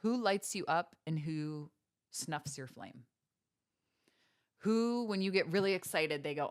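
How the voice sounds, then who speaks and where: A woman's voice: sits low, animated, slow, pauses often, clean tone. Earnest woman podcaster asking pointed questions. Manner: earnest, preachy, rhetorical questions. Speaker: podcast host. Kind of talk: motivational faith-based podcast talk.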